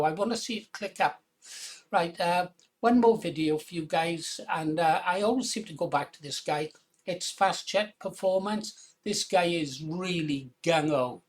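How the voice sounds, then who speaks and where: A man's voice: on the high side, measured pace. Chatty Welsh-born man hosting a channel. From Wales. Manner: chatty, rambling, chuckles often, urges viewers loudly. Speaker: channel host. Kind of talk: casual commentary on video clips.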